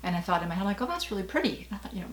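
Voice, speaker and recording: A woman's voice: medium pitch, big pitch swings, very fast, echoey room, a little hiss or hum. A middle-aged woman vlogging in a casual, rambling way, with many fillers and small laughs. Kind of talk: casual personal vlog talk.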